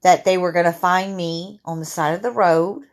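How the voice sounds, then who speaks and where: A woman in her fifties with a sore throat, telling her own story to camera in a halting way, full of fillers and restarts. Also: on the low side, fairly even intonation. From Louisiana. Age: 50s. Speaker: vlogger.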